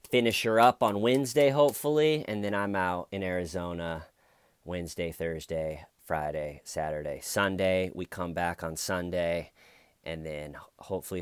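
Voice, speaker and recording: A man's voice: low voice, clean tone, dry recording. A man giving casual true crime commentary as a YouTuber, rambling and wry, with jokes.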